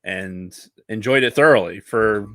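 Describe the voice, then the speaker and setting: A man co-hosts a podcast in relaxed casual chat, his voice sitting a bit low. The sound is dry and close, and he rambles, restarts and swears along the way. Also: no echo. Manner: rambling, profane, halting restarts. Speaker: podcast co-host.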